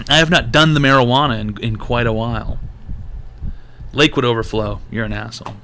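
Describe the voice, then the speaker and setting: A man hosting a live-streamed advice show, ranting in a loose, profane and animated way. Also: medium pitch, brisk, slight background noise. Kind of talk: live-stream call-in talk.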